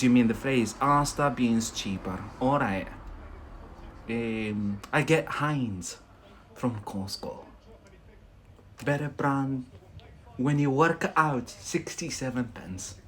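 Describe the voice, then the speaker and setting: A man's voice: mid-range voice, expressive, slow pace, pauses often. A British man running a casual live English lesson, chatty and jokey, often breaking into laughter. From Britain.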